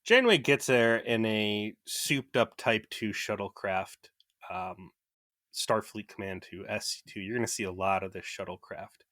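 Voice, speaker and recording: Recording in a clean, dry studio, a young man with a lowish, bright, forceful voice co-hosts a podcast at normal speed. He wryly recaps an episode, cursing freely and performing the lines he quotes.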